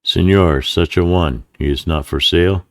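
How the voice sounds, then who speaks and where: Narrator puts on a flattering, greedy Mexican officer, very deep voice, courtly and wheedling. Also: male voice, normal speed, no echo, studio quality. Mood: coaxing. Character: smooth, greedy Mexican cavalry colonel, adult man.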